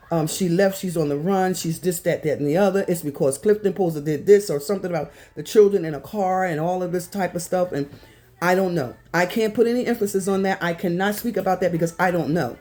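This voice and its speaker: Woman doing youtube commentary, kinda low dark voice, repeats herself a lot, very emphatic. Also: fairly quick. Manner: emphatic, repetitive, addresses viewers directly. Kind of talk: casual commentary to viewers.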